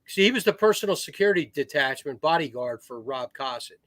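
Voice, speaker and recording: In a relaxed podcast conversation, a retired Marine officer in middle age spins meandering war stories, backing up to restart and performing the quoted voices himself. He sounds animated and fairly quick, his voice pitched on the high side with a slightly bright tone, captured in a dry recording.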